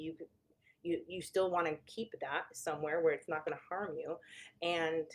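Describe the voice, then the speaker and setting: Low-voiced woman therapist explaining casually. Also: darkish tone. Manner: conversational, self-correcting, candid.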